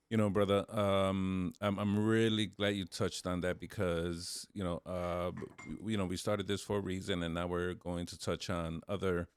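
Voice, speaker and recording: A man co-hosting a podcast who answers calmly and measuredly, with short affirmations. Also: deep voice, measured pace, clean tone, no echo. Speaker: podcast co-host. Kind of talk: casual podcast chat.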